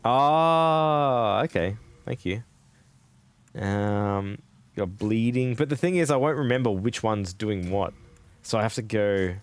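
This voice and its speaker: A man live-streaming a video game, chatting with viewers, excitable, laughing and swearing often. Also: lowish voice, takes it slowly, clear, resonant tone.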